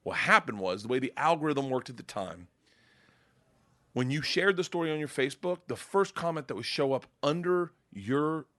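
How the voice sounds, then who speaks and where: A male comedian guest telling a profane, animated story on a podcast, laughing as he goes. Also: medium pitch, moderate pace, no room sound.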